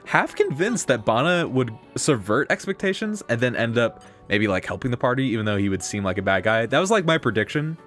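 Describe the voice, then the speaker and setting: A man rambles through live game-stream commentary, full of fillers and playful slang. His voice swoops up and down with lively pitch, and faint game music plays behind him. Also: a little fast, hardly any pauses.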